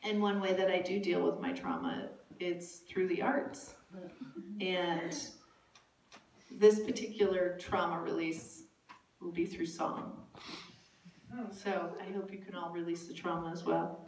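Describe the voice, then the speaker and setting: A woman telling a comic story to a live cafe audience, chatty and laughing, often breaking into high shrieks. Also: expressive, a little slow, pauses often, darkish tone. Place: cafe stage before an audience. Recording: echoey cafe room from far off, noisy.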